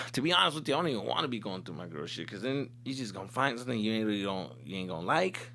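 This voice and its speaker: A young man hosts a comedy podcast and tells crude stories in a casual, profane style. His voice is gravelly and jumps all over the place in pitch. He often breaks into exaggerated high-pitched impressions of other people. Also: animated, rapid-fire, pushed and bright. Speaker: podcast host.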